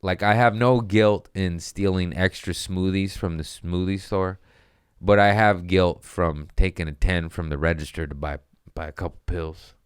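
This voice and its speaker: A man's voice: deep voice, moderate pace, clear, resonant tone, no room sound, studio quality. A man hosting a comedy podcast, ranting profanely and acting out voices in a casual comedic style. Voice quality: profane, animated, acts out voices.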